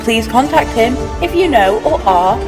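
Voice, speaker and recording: A woman's voice: a little high, animated, a little slow, big-room sound, over music, poor audio. A woman, co-hosting a local podcast and reading mock news in a dry, matter-of-fact way. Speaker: podcast co-host.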